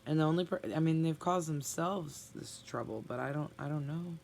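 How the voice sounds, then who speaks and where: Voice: mid-range voice, moderate pace, gravelly, darkish tone, a little hiss or hum. A tarot reader giving a spoken reading to viewers, blunt and emphatic, often sighing and sympathetic.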